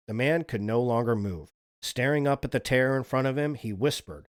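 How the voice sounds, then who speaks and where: A man's voice: mid-range voice, normal speed. Chatty man telling spooky legends. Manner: relaxed, chatty, swears casually. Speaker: streamer, host. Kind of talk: casual storytelling on a livestream.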